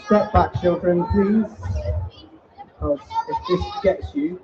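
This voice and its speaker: This man has a high, slow voice as he presents invertebrates at a live family show in an event hall. Joking and theatrical, he teases the kids, and the live-stream recording is distant and dull with faint noise.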